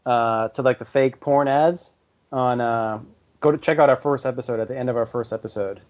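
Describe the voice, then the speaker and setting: A man's voice: medium pitch, fairly even intonation, moderate pace. Rambling man in casual podcast chat. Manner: loose, rambling, lots of fillers. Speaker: podcast co-host. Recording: slightly dull lo-fi audio.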